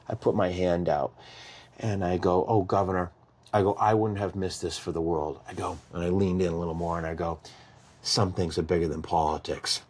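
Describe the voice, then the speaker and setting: A man from Massachusetts telling his story as a podcast guest, animated and full of restarts, acting out what others said. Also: low voice, slightly rough. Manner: animated, repeats and restarts, acts out quotes. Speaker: guest, survivor advocate.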